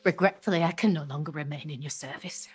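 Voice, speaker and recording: An actress playing a brisk, no-nonsense woman in a film. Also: low voice, breathy edge, soft background music. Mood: firm.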